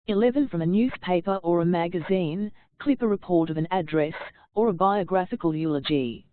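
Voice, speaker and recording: Woman reader, low voice, formal audiobook delivery, dry close sound. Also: dry recording. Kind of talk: reading a public speaking textbook aloud. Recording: dry, tinny phone-like sound.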